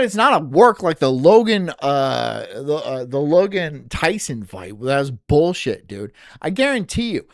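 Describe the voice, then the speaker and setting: A streamer rants through a casual live-stream reaction, swearing freely and breaking into laughs. The pitch swings widely from remark to remark, and the sound is close and dry with no room around it. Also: no echo. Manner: profane, ranting and venting with frequent swearing; laughs often between remarks.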